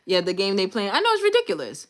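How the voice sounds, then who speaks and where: A woman's voice: medium pitch, wildly swooping pitch, fast. A woman hosting a livestream who chats casually and with confidence. She is blunt and slangy, and repeats her points for emphasis. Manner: slangy, blunt, talks straight to viewers. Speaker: livestream host.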